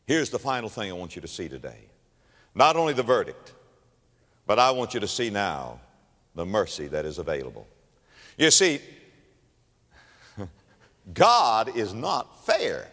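Male preacher, sermon storyteller, animated and repetitive, forceful tone, reverberant hall. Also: mid-range voice. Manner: emphatic storytelling with repeated phrases. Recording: long reverb of a large hall.

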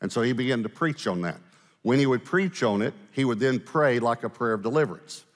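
A man preaching a storytelling sermon, animated, with fast asides and slow dramatic pauses. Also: medium pitch. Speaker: pastor. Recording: echoey hall, live sermon.

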